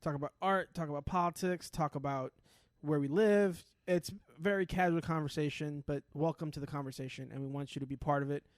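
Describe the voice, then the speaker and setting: A man's voice: fairly high pitch, a little fast, no echo, clean studio sound. A man co-hosting a casual podcast, telling stories and acting out the people in them. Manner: animated storyteller, acts out quoted people. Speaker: podcast co-host. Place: his neighborhood in upper Manhattan.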